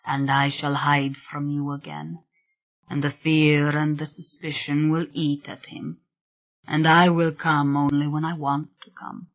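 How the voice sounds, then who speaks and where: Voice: flat delivery, unhurried, highs cut off, close to an everyday voice. A reader voicing a whispery Scottish spirit lover. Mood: hushed longing. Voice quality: low, vibrant, whispery. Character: tall seductive male spirit, sorrowful, possessive.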